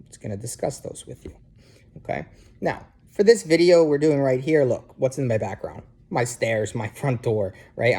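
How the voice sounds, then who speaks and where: Man, New Jersey accent, warm dark tone, casual instructor, home webcam recording, lots of "um" and "okay?". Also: mid-range voice, breathy edge. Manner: conversational, checks in with frequent "okay?" and "um". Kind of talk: casual recorded lecture to students. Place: living room at home, sitting on a couch.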